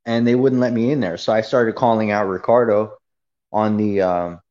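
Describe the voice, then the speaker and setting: A man's voice: fairly low pitch, fairly even intonation, normal speed, a little mellow, muffled recording. A man ranting casually on a livestream, telling a long story in a heated, profane and rambling way.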